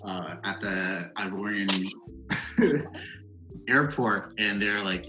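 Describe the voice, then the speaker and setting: Young male guest, very low pitch with a bright edge, reflective casual talk. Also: unhurried, faint music behind, low-quality recording. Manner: relaxed, reflective, lots of fillers. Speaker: podcast guest. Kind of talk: casual chat.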